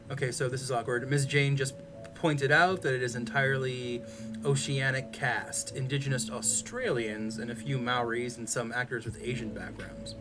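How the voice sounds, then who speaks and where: A man's voice: medium pitch, fairly even intonation, normal speed. A man chatting casually on a stream, rambling with many fillers and restarts. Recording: music playing behind.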